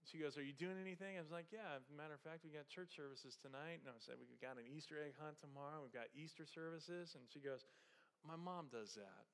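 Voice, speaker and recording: A male pastor preaching a sermon, moving from soft conversational storytelling with humor to raised, passionate exhortation. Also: fairly high pitch, fairly quick.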